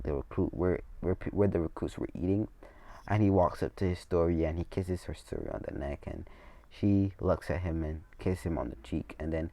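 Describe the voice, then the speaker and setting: A man's voice: a bass voice, vocal fry, darkish tone, no room sound. A young man casually retelling a fan story in a rambling way, with many restarts and swearing asides.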